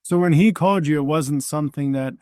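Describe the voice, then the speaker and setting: A man's voice: on the high side, brisk, a little mellow, no echo, clean studio sound. A man hosting a webinar interview, asking brief questions to draw out the guest. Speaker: interviewer and host.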